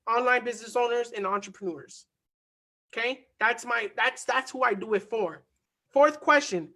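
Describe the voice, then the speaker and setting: With an extremely high pitch, a man delivers an energetic online coaching lesson about marketing and mindset, hammering home key phrases by repeating them.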